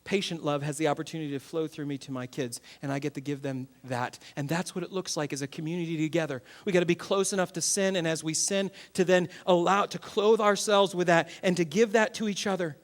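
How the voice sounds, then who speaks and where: A man in his thirties, a pastor preaching a sermon to his church, swinging between loud bursts and quiet, earnest passages. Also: a little high, steady tone, fairly quick, few pauses.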